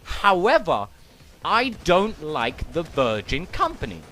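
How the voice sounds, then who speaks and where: Young guy ranting about games, swears a lot, sarcastic, pretty high voice. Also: wildly swooping pitch, slow pace, bright, forceful tone, soft background music. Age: young adult. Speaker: gaming commentator. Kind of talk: ranting commentary.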